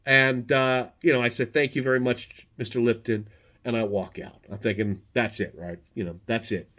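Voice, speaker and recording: A man's voice: medium pitch, normal speed. Profane man telling a wild anecdote. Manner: profane, animated, self-interrupting. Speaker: storyteller, former podcast host. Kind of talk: casual spoken anecdote.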